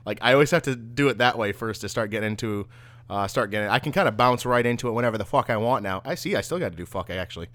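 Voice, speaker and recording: A man co-hosting a casual chat, relaxed, with stumbling starts. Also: mid-range voice, fast, no room sound. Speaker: podcast co-host.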